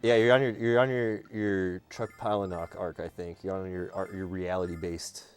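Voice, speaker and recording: Joking, animated male stream host. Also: sits low, moderate pace, clean tone, soft background music. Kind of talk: casual chat on a live stream.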